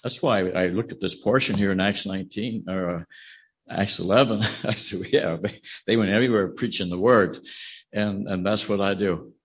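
A man's voice: lowish voice, moderate pace, breathy edge. An older man, an evangelist, telling his conversion story in a plain, storytelling way with frequent restarts. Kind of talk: personal testimony in a sermon.

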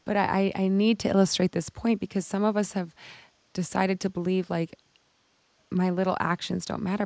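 Woman coach, motivational storyteller who acts out the quoted lines; lowish pitch, fry in the voice. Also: fairly even intonation, moderate pace, a little mellow, dry recording. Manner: storytelling, acts out other people's lines, swears casually. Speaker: women's life coach. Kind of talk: motivational talk.

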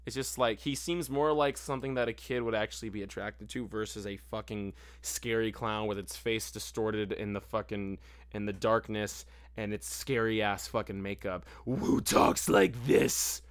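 Give me a man in casual podcast chat, animated and profane, with a smooth, clear voice on a dry mic. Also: on the low side, moderate pace, no echo. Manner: animated, swears a lot, mimics voices. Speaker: podcast co-host.

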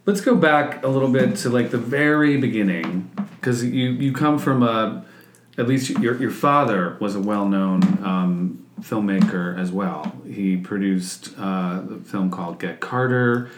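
A man's voice: lowish voice, unhurried. A man co-hosting a podcast who steers the talk and sums up what the guest says. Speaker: podcast co-host. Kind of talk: casual interview chat. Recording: roomy echo with faint noise.

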